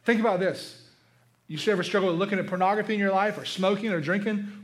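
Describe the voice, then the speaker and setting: A man's voice: sits high, quick pace, slight background noise. A man preaching a sermon as pastor, emphatic and conversational, asking the congregation rhetorical questions. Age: adult, father of a young son.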